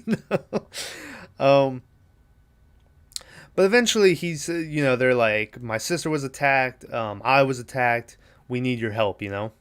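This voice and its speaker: A man's voice: medium pitch, unhurried, long pauses, clean tone. A man hosting a movie podcast, casually retelling a film's plot, quoting lines and swearing now and then. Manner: casual, profane, retells scenes with quoted lines. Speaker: podcast host.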